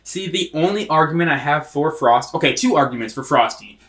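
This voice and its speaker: A man's voice: fairly high pitch, expressive, brisk, a bit bright, roomy sound. A man co-hosting a podcast, chatting casually in a jokey, rambling way and laughing often. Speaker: podcast co-host. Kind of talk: casual comedic chat.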